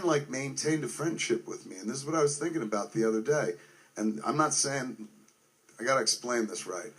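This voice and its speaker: A man in his forties, a filmmaker, giving a casual spoken tribute to a friend, swearing constantly and rambling with lots of "like" and "man". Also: medium pitch. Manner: profane, rambling, heartfelt, heavy on fillers like "like" and "man".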